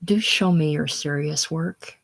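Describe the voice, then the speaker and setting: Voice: mid-range voice, a little slow, creaky, fairly bright tone. A reader voicing a weary, curt young writer. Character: tired young man, a writer, prim and irritable. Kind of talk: casual play reading.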